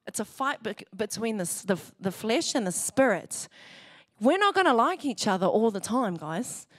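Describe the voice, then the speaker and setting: A woman's voice: on the high side, big pitch swings, moderate pace, dry recording, studio quality. Chatty New woman pastor. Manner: chatty, laughs often, acts out what others said. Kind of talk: conversational sermon. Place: church hall.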